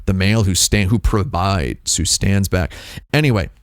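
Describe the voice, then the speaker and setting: A man's voice: sits low, normal speed, no room sound, studio quality. A man hosting a stream, talking in a rambling, playful, jokey way with his mouth right on a dynamic microphone. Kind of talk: casual stream chat. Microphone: close dynamic microphone, mouth on foam.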